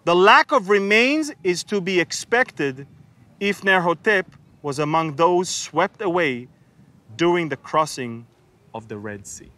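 A man's voice: sits high, lively intonation, a little slow, pushed and bright. A man, teaching a humorous Bible sermon and acting out the people in the story. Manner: humorous, acts out biblical figures with sarcasm and laughter.

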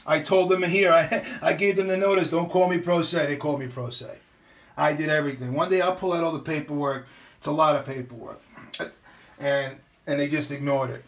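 A man's voice: on the high side, fairly even intonation, brisk. A middle-aged man, talking in a casual, ranting monologue. He is blunt and profane and keeps restarting his sentences. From New York. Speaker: vlogger.

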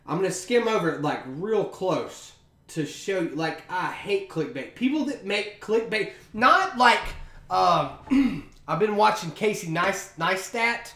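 A man talks through his own podcast in a loose, slangy ramble packed with fillers. His voice sits high and bright, bouncing up and down as he goes. The room around him gives a noticeable echo. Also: lively intonation, unhurried. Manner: chatty, slangy storytelling with many fillers. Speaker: podcast host. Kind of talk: casual solo podcast monologue.

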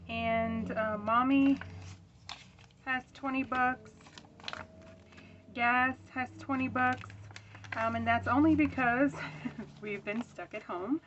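A woman's voice: a little high, steady tone, takes it slowly, pauses often, fairly bright tone, dull audio, a little hiss or hum. A young woman vlogging at home about her budget, chatty with many ums, out of breath as she counts bills aloud. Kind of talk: casual budgeting talk while counting cash.

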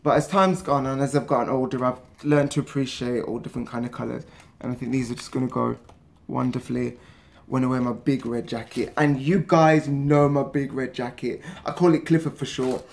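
Young brummie guy vlogging, rambly and chatty, mid-pitched voice. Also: flat delivery, brisk, creaky, a little mellow. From England. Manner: chatty, rambling, lots of fillers. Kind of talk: casual travel vlog.

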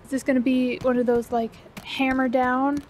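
A woman commenting on her gameplay, gasping often and repeating excited exclamations. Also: high-pitched, normal speed, slight background noise. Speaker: let's play gamer. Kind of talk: let's play commentary. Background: game music.

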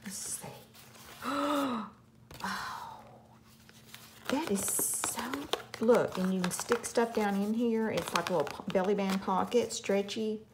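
A woman's voice: mid-range voice, fairly even intonation, moderate pace, background noise. A woman hosting a craft channel, gushing over a parcel in a casual unboxing chat with frequent gasps.

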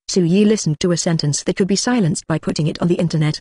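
Synthetic audiobook narrator, dry and even. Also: mid-range voice, quick pace, hardly any pauses, no echo. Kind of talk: reading a machine-translated web novel aloud.

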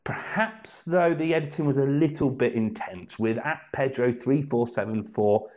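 A man's voice: mid-range voice, normal speed, darkish tone. A man presenting a scripted comedic roundup of viewer comments with playful sarcasm and mock exasperation. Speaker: segment presenter.

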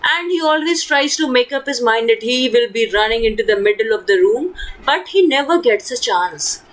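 A woman's voice: on the high side, animated, moderate pace, poor audio. A woman teacher explaining a story to children in simple words, often asking questions and checking with "okay".

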